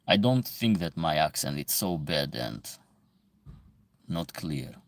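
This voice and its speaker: A man's voice: a bass voice, big pitch swings, slow pace. A man from Epirus, hosting a casual livestream and explaining at length as he answers viewer questions from the chat.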